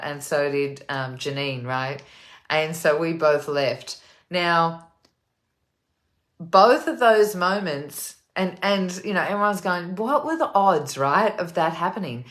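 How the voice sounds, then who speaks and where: Low-pitched woman host, chatty storyteller, lots of ums. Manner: chatty, animated storytelling with many fillers. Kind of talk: casual storytelling talk.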